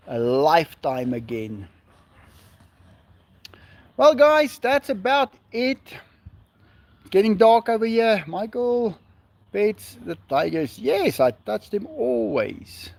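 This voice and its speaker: Man, high voice, bouncy intonation, live-stream host, reads comments aloud, outdoors. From South Africa. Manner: reads viewer comments aloud and answers them. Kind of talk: casual live-stream chat.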